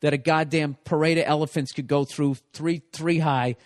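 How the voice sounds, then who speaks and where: Male podcast host, emphatic profane rant, higher-pitched, dry studio sound. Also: fairly even intonation, moderate pace, no echo. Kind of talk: casual comedic chat.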